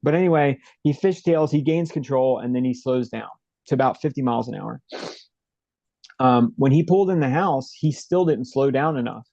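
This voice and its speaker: A man with a warm, gravelly, mid-range voice tells a story at a moderate pace as an interview guest on a video call from home. His retelling is vivid and animated, full of "like" and "right?" The recording is dry and dull.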